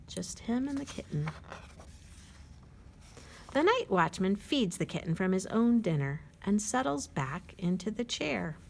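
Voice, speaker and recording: A woman at a library storytime, reading a picture book aloud to children, gently asking them questions and dropping to a whisper at quiet moments. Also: mid-range voice, creaky, slight background noise. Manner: slow and gentle, pausing to ask young listeners questions.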